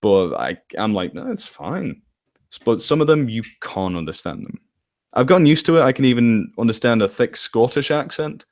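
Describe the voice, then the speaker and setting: A man's voice: medium pitch, animated, a little fast, darkish tone. Chatty man with a northwest English accent. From England. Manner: chatty, rambling, self-correcting. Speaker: interview guest, story narrator. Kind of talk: casual chat.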